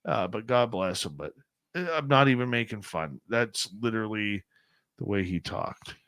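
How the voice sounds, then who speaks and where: A man's voice: on the low side, animated, normal speed, a bit bright, dry recording. A middle-aged Canadian man hosting a radio show, chatting casually and trailing off as he works the computer. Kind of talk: casual chat.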